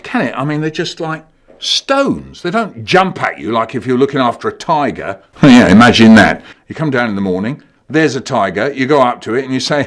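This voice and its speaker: A man spins comic stories for children. His voice bounces up and down, and he talks in a playful, animated way that breaks into loud, silly shouts. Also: medium pitch, moderate pace. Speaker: comic storyteller.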